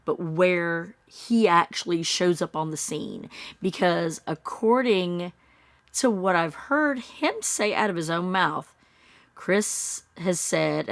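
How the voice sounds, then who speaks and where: On a dry recording, a slightly bright-voiced woman in her thirties muses doubtfully over a true-crime story in casual commentary. When she repeats what others said, she mimics them in high, mocking voices.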